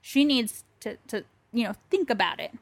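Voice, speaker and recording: A woman's voice: on the high side, lively intonation, normal speed, dry recording. A woman co-hosting a podcast in casual chat, telling a story with animation and acting out both sides of a phone call. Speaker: podcast co-host. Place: bedroom.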